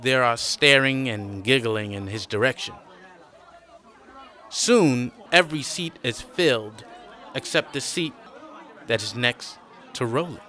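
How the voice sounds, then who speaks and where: A man narrating a scripted audio drama in a slow, measured, matter-of-fact way. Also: medium pitch, bright, forceful tone, some chatter behind.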